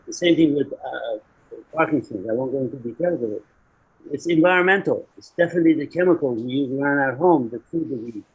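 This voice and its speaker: A man's voice: mid-range voice, husky. A man speaking as a panelist, opinionated and blunt in his points. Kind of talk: panel discussion. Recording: dull lo-fi audio.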